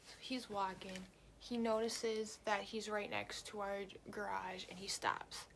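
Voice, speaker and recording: Young woman vlogger, blunt lively storytelling, gravelly voice, lots of swearing. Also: mid-range voice, measured pace, a little hiss or hum. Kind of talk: storytime vlog.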